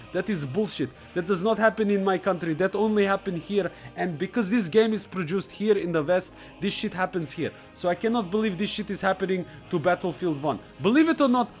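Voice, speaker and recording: A man with a Russian accent who hosts a reaction video, delivering a comedic character rant in broken English with a sarcastic edge. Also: sits high.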